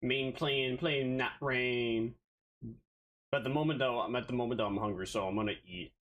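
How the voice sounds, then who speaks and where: A man's voice: medium pitch, normal speed, highs cut off. A man streaming live, chatting casually and rambling playfully to himself, a bit out of breath.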